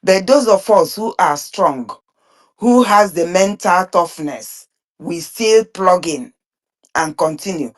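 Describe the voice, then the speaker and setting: Earnest woman, low-pitched and halting. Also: animated. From Nigeria (Biafran region). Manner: halting, repeats and restarts words; earnest, emphatic. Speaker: speaker in an online group discussion. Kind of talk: impassioned spoken commentary.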